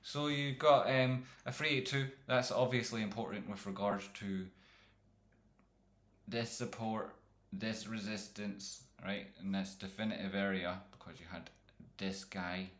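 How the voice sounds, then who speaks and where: Lowish, bright-voiced man, rambling trading streamer, cracks crude jokes. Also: little pitch movement, measured pace. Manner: rambling, jokey, profane. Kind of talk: live chart analysis.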